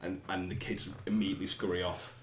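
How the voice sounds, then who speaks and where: Man, game master, quick chatty narration, lowish voice, echoey room, light noise. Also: level tone. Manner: loose, chatty narration full of fillers.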